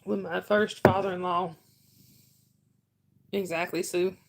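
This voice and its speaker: A woman's voice: fairly low pitch, steady tone, takes it slowly, creaky. A middle-aged woman hosting a casual livestream, telling rambling stories and reading chat names aloud.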